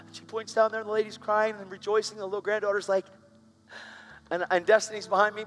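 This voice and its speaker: High-voiced fervent male preacher. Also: flat delivery, fast. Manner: emotional, builds to fervent prayer. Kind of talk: storytelling sermon.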